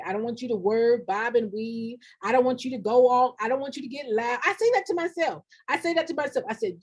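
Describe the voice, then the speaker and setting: A woman's voice: high-pitched, lively intonation, fairly quick, husky. A middle-aged woman who coaches nonprofits, talking live to her audience in a direct, preachy way, repeating lines for emphasis and saying y'all and ain't. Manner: colloquial, says y'all and ain't. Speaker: nonprofit grant consultant. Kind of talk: live-streamed motivational talk.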